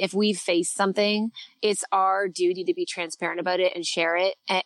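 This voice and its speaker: A woman's voice: on the low side, no echo. A Canadian woman in her thirties, a podcast guest talking candidly and chattily about motherhood, self-deprecating and full of fillers.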